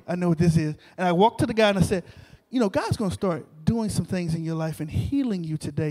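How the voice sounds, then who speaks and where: A male preacher telling a story in an animated sermon, repeating phrases and calling out to the congregation. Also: sits high. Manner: animated, repetitive, talks to the crowd. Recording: long reverb of a large hall.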